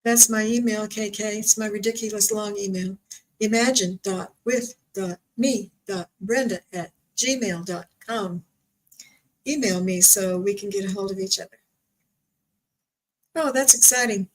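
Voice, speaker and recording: Soft-spoken woman medium. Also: mid-range voice, a little slow, low-quality recording. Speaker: psychic medium host. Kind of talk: live-streamed spiritual reading.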